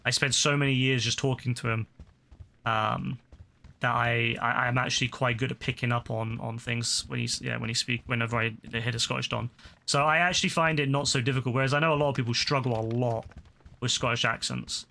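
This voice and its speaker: This gaming streamer's mid-range voice is gravelly and sharp, fairly quick, with fairly even intonation. He rambles and swears freely as he chats casually during play, over slight background noise.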